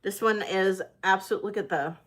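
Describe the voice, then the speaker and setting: A woman's voice: medium pitch, normal speed, a bit bright. A woman selling jewelry in a live-stream auction, chatty and hesitant with many fillers. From United States.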